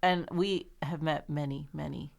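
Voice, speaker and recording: A young woman with a low voice and a gravelly edge. She talks softly, telling stories with plenty of fillers in a relaxed chat. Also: unhurried. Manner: soft, storytelling with many fillers. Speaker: podcast guest. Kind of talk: casual conversation.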